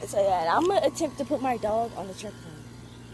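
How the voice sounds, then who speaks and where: A teenage girl talks to her phone camera at home, rambling with lots of "um" and "so yeah." Her voice sits a little high and bounces around with lively pitch. The delivery is loose and casual. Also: a little fast, slight background noise. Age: teens. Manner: chatty, rambling, many fillers. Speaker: vlogger. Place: house and backyard.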